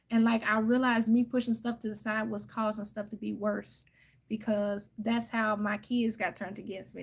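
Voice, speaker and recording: Gravelly-voiced woman venting candidly. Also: a little high, a little mellow. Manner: candid, emphatic, calls listeners "y'all" and "honey". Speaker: tarot reader reading live chat. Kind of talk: casual venting chat.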